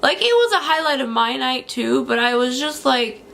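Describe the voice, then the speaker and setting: A woman's voice: sits high, animated, moderate pace, vocal fry, fairly bright tone, slight background noise. A young woman telling a story in a casual vlog, chatty, with many fillers and frequent laughs. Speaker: beauty vlogger.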